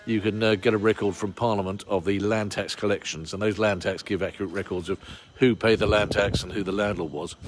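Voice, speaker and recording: Rambling man with a posh English accent. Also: lowish voice. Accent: English received pronunciation. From Bristol, England. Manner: chatty, rambling, many uh fillers, wry asides. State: cold outdoors. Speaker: tour guide. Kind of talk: walking tour talk to camera. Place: outdoor street in a town centre.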